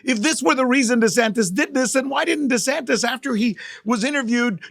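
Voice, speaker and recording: A middle-aged male journalist hosting a podcast, giving emphatic, animated news commentary and repeating key phrases for effect. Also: extremely high pitch, a little fast, vocal fry, hardly any pauses, no room sound, studio quality.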